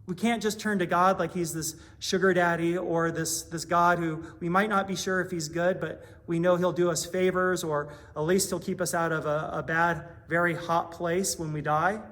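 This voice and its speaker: A man with a high voice delivers a sermon in a small church. He talks in an earnest, conversational way, leaning into his points with growing emphasis. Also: fairly even intonation, moderate pace, hardly any pauses, fairly bright tone. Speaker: pastor.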